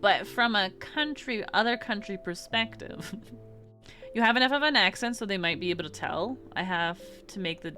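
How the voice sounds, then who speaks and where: A woman's voice: medium pitch, moderate pace, bright, forceful tone, faint music behind. A woman from Canada chatting casually on a live stream, laughing often and correcting herself mid-thought.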